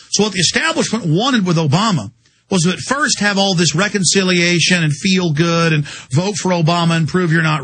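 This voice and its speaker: Male radio host, high and bright, husky edge, heated rapid-fire monologue. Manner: rapid, heated and insistent, with rhetorical questions. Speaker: radio talk show host. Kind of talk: impassioned political monologue.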